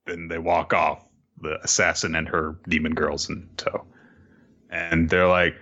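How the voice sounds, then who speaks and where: A man casually recapping manga chapters on a podcast, swearing a little and laughing often, breaking into squeaky voices to act out what the characters say. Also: little pitch movement, measured pace, bright, forceful tone, highs cut off. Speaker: podcast co-host.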